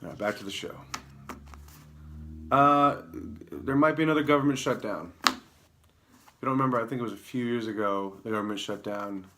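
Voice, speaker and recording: A man hosting his own comedy show alone on camera, rambling through news headlines with deadpan, self-mocking asides. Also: medium pitch, brisk, pauses often, slight background noise. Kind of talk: improvised comedic news rundown. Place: alone in a room, talking to camera.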